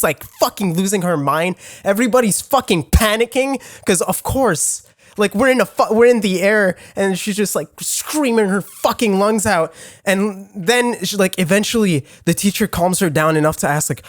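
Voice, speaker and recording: A man's voice: high voice, dry recording. A man telling a story on a casual podcast, stumbling over restarts and swearing often. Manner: halting, with many restarts and heavy swearing. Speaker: podcast co-host.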